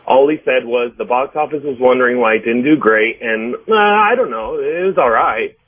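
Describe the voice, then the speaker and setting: A man's voice: medium pitch, normal speed, no echo. A male caller on a radio show, talking casually and with energy. His voice is mid-range. He comes through a thin, tinny phone line. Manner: casual, animated "dude" talk.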